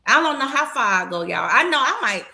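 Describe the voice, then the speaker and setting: A woman's voice: on the high side, sing-song, brisk, gravelly, bright, forceful tone. A middle-aged woman co-hosting a podcast, telling stories in an emphatic, earnest way in casual chat. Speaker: podcast co-host.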